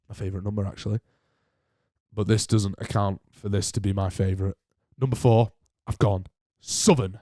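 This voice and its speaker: A man's voice: lowish voice, expressive, normal speed, a little mellow, no echo, clean studio sound. A young man hosting a solo podcast, rambling and joking at his own expense. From north of England. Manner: rambling, self-mocking, often laughing. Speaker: podcast host.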